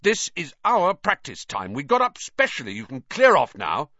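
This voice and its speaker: A man voicing an intense, bossy teenage team captain who talks briskly and flares up easily. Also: on the high side, wildly swooping pitch, bright, forceful tone, dry recording, muffled recording, pitched above the performer's own voice, exaggerated voice. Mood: outraged. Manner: brisk, impatient, easily outraged.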